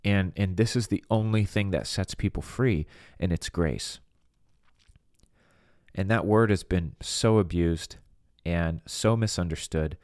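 A man's voice: deep voice, unhurried, darkish tone, dry recording, studio quality. A man preaching a podcast sermon in an earnest, emphatic way, often restarting his words and acting out people's inner voices.

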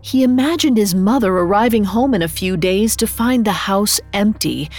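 A woman narrating a scripted fairy tale as a storyteller, expressive, rising on dramatic beats. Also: medium pitch, moderate pace.

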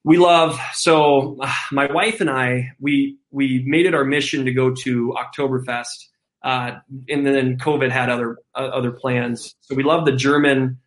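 A man's voice: mid-range voice, steady tone, a little slow, roomy sound. A man who used to play college football, chatting enthusiastically as a guest in a casual interview and laughing often.

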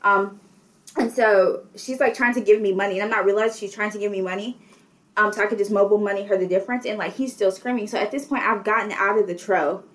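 A young woman chatting casually, telling an animated story with lots of filler words. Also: medium pitch, fast. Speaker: guest telling a travel story. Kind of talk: casual chat.

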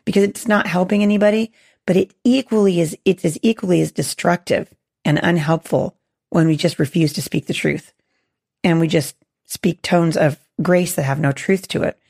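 A woman hosting a faith podcast, hoarse with a gravelly voice, earnest and encouraging with many restarts. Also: fairly low pitch, moderate pace, darkish tone. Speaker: podcast host.

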